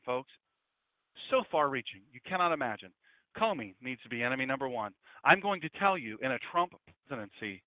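A man's voice: on the high side, no echo. A pastor in his fifties preaching a fiery sermon, emphatic and hammering points home by repeating phrases. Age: 50s. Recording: dry, tinny phone-like audio.

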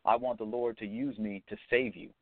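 A man's voice: medium pitch, fairly even intonation, brisk, no room sound. A man speaking as a guest, giving a sincere, preacherly testimony with some hesitant fillers. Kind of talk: earnest testimony. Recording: tinny phone-line audio.

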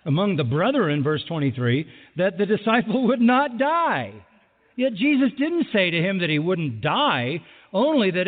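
A man preaching a sermon with lively delivery who acts out the people he quotes, recorded in a large hall. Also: on the high side. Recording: phone-like sound with long hall reverb.

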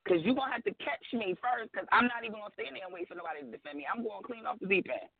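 A blunt, outspoken woman chats as a guest on a talk show, her voice gravelly and pitched fairly high. She calls in over a thin, tinny phone line and makes her points with emphatic slang. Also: expressive, racing. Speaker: guest author. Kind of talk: casual radio chat.

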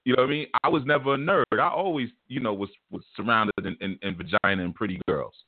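A man hosting an online radio talk show, talking in an animated, emphatic way and repeating words as he starts his thoughts. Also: fairly low pitch, fast talker, no echo. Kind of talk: casual talk show monologue. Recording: dry, tinny phone line.

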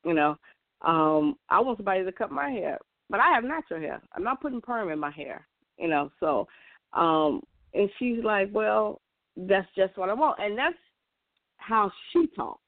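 A woman's voice: medium pitch, lively intonation, moderate pace, no echo. A woman in a casual monologue, earnest and emphatic, often restarting her sentences. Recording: tinny, dry phone-like sound.

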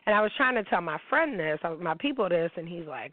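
A woman's voice: lowish voice, expressive, quick pace, hardly any pauses, dry recording. A woman radio host in her thirties talking bluntly and profanely in a candid, sassy monologue. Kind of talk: candid casual talk monologue. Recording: dry tinny phone-like radio sound.

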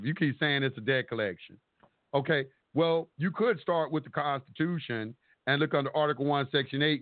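Over a tinny, dry phone line, a man calls in to a talk show and launches into a profane, rambling, emphatic rant. His voice sits a little high, with no echo around it.

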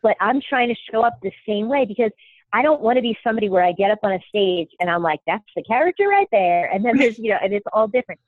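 A woman's voice: mid-range voice, quick pace, no room sound. A woman hosting a podcast, chatting casually and self-deprecatingly with lots of fillers over a remote call. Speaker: podcast host. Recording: thin phone-like call audio.

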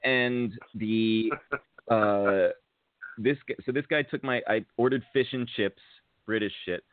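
A man's voice: fairly low pitch, steady tone, slow pace, no echo. An American man, a podcast host, telling a rambling, casual story with many fillers. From United States. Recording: tinny phone-like sound.

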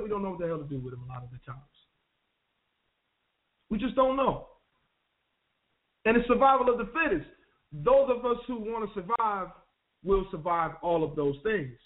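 A man on a radio show telling his life story in a relaxed, conversational way, using street slang and often restarting his sentences. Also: high-pitched, normal speed, pauses often. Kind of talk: personal storytelling. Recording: tinny phone line.

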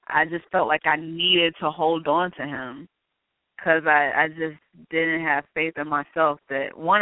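Male guest, smooth higher voice, reflective, phone-line audio. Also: no echo. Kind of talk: candid personal account. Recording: tinny phone-line sound, dry.

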